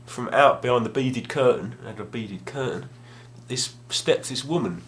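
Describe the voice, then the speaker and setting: A man's voice: mid-range voice, normal speed, fairly bright tone, slight background noise. A young man telling a rambling, self-deprecating story at home, casual and full of restarts. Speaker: gaming vlogger. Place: home room, at a table.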